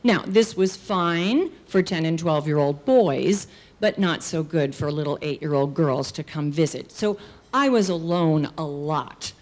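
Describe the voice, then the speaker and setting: A middle-aged woman performing a personal story on stage, acting out characters' shouts. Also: low-pitched, measured pace. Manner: animated, acts out characters' shouts. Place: stage at a live storytelling show.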